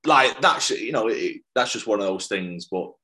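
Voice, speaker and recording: A man's voice: lowish voice, lively intonation, normal speed, bright, forceful tone. A young adult man in casual chat, telling stage-touring stories with frequent laughs. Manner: chatty anecdote-telling with laughs.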